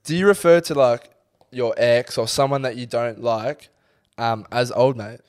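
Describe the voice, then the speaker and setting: Young Australian male co-host, mid-pitched, easygoing and sweary. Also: fairly even intonation, measured pace, clean tone. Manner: laid-back, swears, laughs easily. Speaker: podcast co-host. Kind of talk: casual chat. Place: studio under lights.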